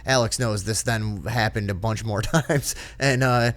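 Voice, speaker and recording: Profane, animated man telling a story. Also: fairly low pitch, a little slow, dry recording. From northern United States. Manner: profane, animated, mimics people he talks about. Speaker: podcast co-host. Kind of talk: casual storytelling chat.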